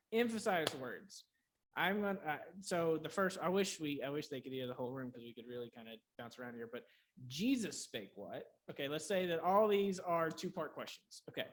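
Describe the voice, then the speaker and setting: A man coaching quiz teams in a workshop, energetic and quick to restart sentences while firing example questions. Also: a little high. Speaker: quiz coach leading a clinic.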